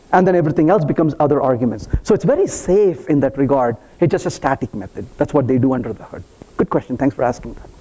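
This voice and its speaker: A man delivers a live technical talk in a conference hall, guiding the audience through code with a playful, teasing manner. His high voice leaps widely in pitch, and its tone is soft and mellow rather than bright.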